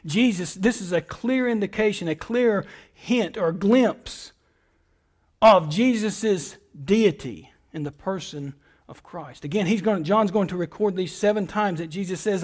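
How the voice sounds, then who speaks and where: A middle-aged male pastor with a high voice delivers a sermon. He builds his points through emphatic repeated phrases. He rises to forceful appeals, then drops to quiet, hushed words. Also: unhurried.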